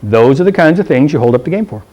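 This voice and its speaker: A man's voice: fairly high pitch, expressive, fast talker, darkish tone, muffled recording. A middle-aged man teaching a rules class to football officials, blunt and joking, checking in with "okay?" and acting out the people in his stories. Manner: acts out coaches' lines in funny voices. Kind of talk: classroom rules lecture with anecdotes. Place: meeting room.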